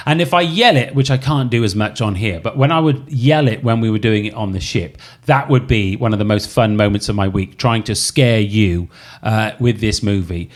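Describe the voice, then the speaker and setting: A man co-hosting a casual podcast chat, laughing often and breaking into loud movie impressions. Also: on the low side, normal speed. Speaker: podcast co-host.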